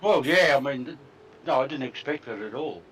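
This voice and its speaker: A man's voice: medium pitch, expressive, a little fast, fairly bright tone, a little hiss or hum. A man, a driver in the race, chatting in an easygoing, slightly sheepish way. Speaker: racing driver guest.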